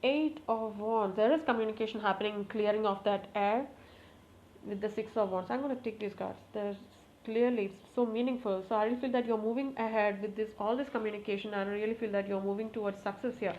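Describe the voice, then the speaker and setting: A woman giving a casual tarot reading to camera, talking to the cards, repeating requests and exclaiming with excitement. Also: mid-range voice, a little fast. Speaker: tarot reader. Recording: slightly muffled, faint background noise.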